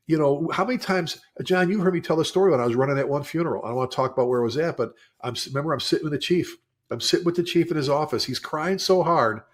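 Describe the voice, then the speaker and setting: A man's voice: on the high side, fast talker. Emphatic male fire service podcast co-host. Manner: emphatic storytelling with repeated phrases. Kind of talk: conversational podcast talk.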